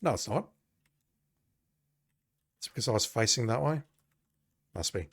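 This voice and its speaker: A man's voice: mid-range voice, lively intonation, moderate pace, long pauses, breathy edge. A man playing an old adventure game, reading its text aloud and adding wry, joking asides. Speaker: game commentator.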